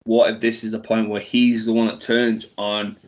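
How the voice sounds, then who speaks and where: A man's voice: on the low side, level tone, moderate pace. A man, co-hosting a casual wrestling chat, giving short, offhand picks and speculating about storylines. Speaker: podcast co-host.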